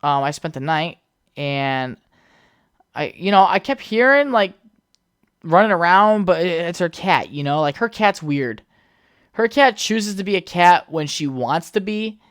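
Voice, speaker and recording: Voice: mid-range voice, expressive, measured pace, clear, resonant tone, no echo, studio quality. A young adult hosting a solo podcast, telling rambling stories with plenty of swearing and side remarks. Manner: rambling, heavy swearing, chatty asides. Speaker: podcast host. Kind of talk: casual solo podcast storytelling.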